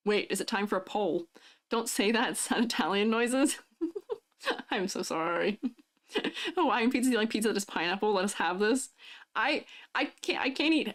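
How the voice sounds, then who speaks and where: A woman streaming live, chatting casually and reading out chat messages, laughing often between lines. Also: mid-range voice. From United States. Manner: giggly, chatty, answers chat messages aloud.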